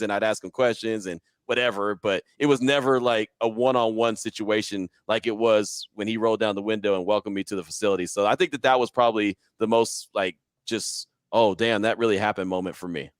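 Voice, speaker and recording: A man's voice: on the low side, clear, resonant tone, no room sound. A man in an interview, casually telling a story and acting out his own quotes with animation. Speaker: podcast guest, sports radio host.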